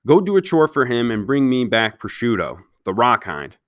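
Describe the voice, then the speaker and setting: A man's voice: medium pitch, sing-song, normal speed, no echo, natural voice. A man voicing a cocky, bossy street-gang boy who barks orders and threats in a dry read-aloud. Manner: bossy, brusque.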